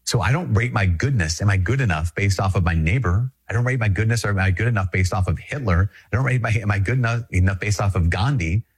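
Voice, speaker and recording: Middle-aged male priest from Minnesota, low husky voice, earnest conversational teaching with emphatic repetition. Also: fast, few pauses. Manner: earnest and emphatic, repeats phrases for weight. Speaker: Catholic priest.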